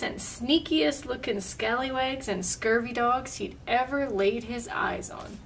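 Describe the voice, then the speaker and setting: Lady reading a kids book aloud, kinda high voice, far from the mic. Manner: lively, expressive reading. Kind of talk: picture-book read-aloud with asides. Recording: distant mic, faint room noise.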